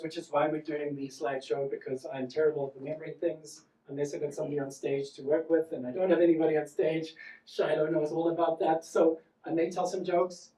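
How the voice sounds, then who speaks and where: A man's voice: a little high, warm tone. Wry South African man on stage. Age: 40s. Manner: wry, self-deprecating. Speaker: comedian and solo performer. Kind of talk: stand-up storytelling. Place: theatre stage. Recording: echoey theatre from far off.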